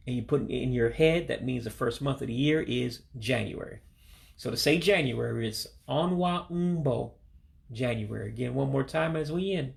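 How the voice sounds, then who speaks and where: A middle-aged man giving a casual home-recorded language lesson, saying each word slowly and repeating it for practice. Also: mid-range voice, gravelly. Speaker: language learner teaching vocabulary. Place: back room at home.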